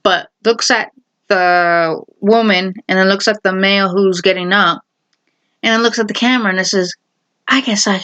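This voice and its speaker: A woman casually retelling a half-remembered TV episode, rambling with many fillers and quick acted quotes. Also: medium pitch, fairly even intonation, fairly bright tone. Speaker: video host.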